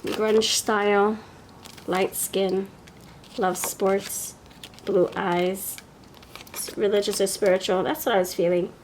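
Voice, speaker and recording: A woman's voice: mid-range voice, little pitch movement, takes it slowly, long pauses, a little mellow, slight background noise. A woman with a New York accent giving a pick-a-card tarot reading, chatty and thinking aloud as she goes. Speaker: tarot reader.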